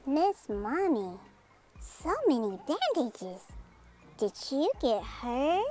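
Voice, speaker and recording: A woman reading a children's picture book aloud in an expressive, slow storytelling manner. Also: high-pitched, soft background music. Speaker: storybook reader.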